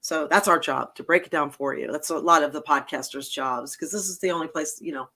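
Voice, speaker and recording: A woman's voice: deep voice, brisk, bright, forceful tone. A woman hosting a political podcast, talking bluntly and emphatically, swearing freely in casual chat. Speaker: podcast host.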